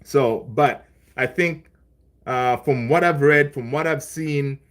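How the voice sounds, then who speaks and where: A man's voice: medium pitch, slow pace. A man hosting a live stream in a loose, conversational way. He talks back to chat and repeats his own lines for emphasis. His speech is full of fillers and restarts. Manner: loose and chatty, laughs along with viewers; many fillers, repeats phrases. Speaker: livestream host reading chat.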